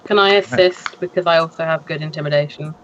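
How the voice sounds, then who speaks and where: A man's voice: fairly high pitch, fairly even intonation, quick pace, fairly bright tone, dull audio, a little hiss or hum. A man playing a tabletop game, politely asking questions about what his character may do. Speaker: player. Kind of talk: casual tabletop play.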